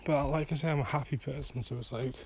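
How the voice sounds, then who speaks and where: This man, a vlogger and songwriter, talks quickly in a steady, darkish medium-pitched voice over slight background noise. He's out walking at night, rambling casually and cursing openly as he works himself up.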